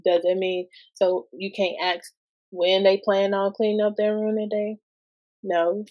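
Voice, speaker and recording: A woman talks slowly and at ease in a casual podcast chat. Her pitch sits mid-range for a woman, and she keeps posing rhetorical questions as she makes her points. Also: level tone, highs cut off. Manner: slow, conversational, asks many rhetorical questions. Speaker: guest podcast host. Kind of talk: casual parenting talk.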